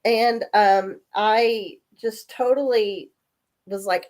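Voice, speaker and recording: A woman in her forties, coming down with a cold, telling animated stories in a casual chat and acting out the voices of people in them. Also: lowish voice, moderate pace. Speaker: guest. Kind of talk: casual storytelling.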